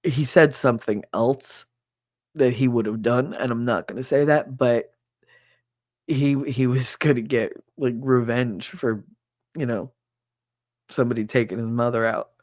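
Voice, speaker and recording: A woman's voice: very deep voice, a little slow, pauses often, a little mellow, no room sound. A middle-aged woman hosting a podcast, telling a personal story in a rambling way, full of "like" and "he said". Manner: rambling, heavy use of "like" and "he said". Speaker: podcast host. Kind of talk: casual storytelling.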